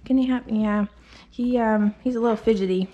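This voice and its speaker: A woman dog groomer talking casually as she works in her grooming salon, rambling with fillers and slipping into a soft sing-song voice to coax the dog. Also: on the high side, fairly even intonation, normal speed, muffled recording. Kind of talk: casual narration while working.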